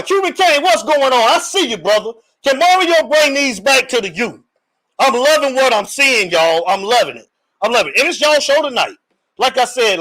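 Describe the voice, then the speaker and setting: A man hosting a live sports call-in show, talking in an energetic, slangy, hyped-up way and calling out viewers by name. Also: very high-pitched, poor audio. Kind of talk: hyped casual live-stream talk.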